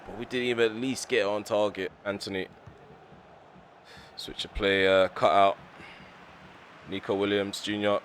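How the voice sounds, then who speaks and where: A man commentating on his own football video game, quick to rant at the referee. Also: fairly low pitch, a bit bright, a little hiss or hum. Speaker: gaming YouTuber. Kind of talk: live gameplay commentary.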